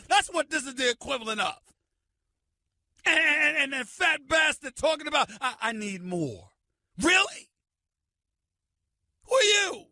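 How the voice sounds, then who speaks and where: A middle-aged man hosting a sports radio show, ranting loudly and emphatically into a studio microphone. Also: extremely high pitch, dry recording. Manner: loud, emphatic, shouting tirade.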